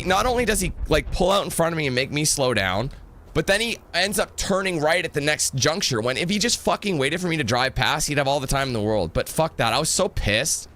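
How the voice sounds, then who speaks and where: A man's voice: on the high side, fairly bright tone, slight background noise. A man giving casual gameplay commentary, rambling into a profane rant. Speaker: gameplay video creator.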